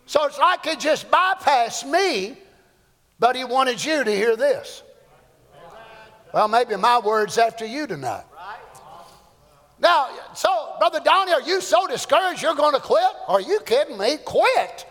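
A man's voice: very high-pitched, expressive, unhurried, fairly bright tone. A man preaching a fervent, folksy sermon in a church. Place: church sanctuary. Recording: echoey church hall.

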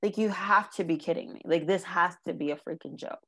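Slightly low-voiced woman telling a painful story. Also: a bit bright, husky. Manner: earnest, halting, with many ums and likes. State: emotional, near tears. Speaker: guest sharing her life story. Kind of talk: emotional personal testimony.

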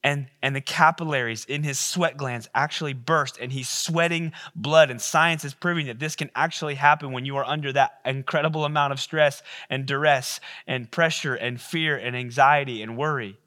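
A man's voice: medium pitch, steady tone, normal speed, few pauses, bright, forceful tone. A male pastor preaching a sermon in a casual, conversational way, with many fillers and repeated words.

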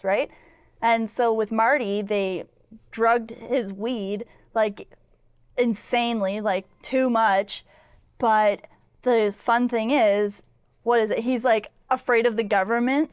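A woman's voice: medium pitch, clear, resonant tone, dry recording. A young woman co-hosting a podcast, retelling a film in a rambling casual chat full of "like" fillers. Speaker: podcast co-host.

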